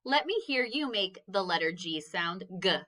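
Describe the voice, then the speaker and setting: A woman's voice: mid-range voice, animated, moderate pace, bright, forceful tone. A woman teaching a phonics lesson to children, patiently sounding out each letter and praising answers.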